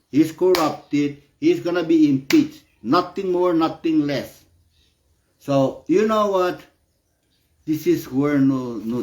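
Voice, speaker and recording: A man's voice: mid-range voice, noisy background. Angry ranting man, profane and heated. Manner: profane, heated, repeats "no" as filler. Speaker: political commentator. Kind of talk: angry political rant. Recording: echoey room.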